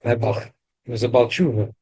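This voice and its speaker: A man teaching a weekly Torah class, mixing casual English explanation with rapid readings of Hebrew text. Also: mid-range voice, fairly even intonation, darkish tone, husky, no room sound, low-quality recording.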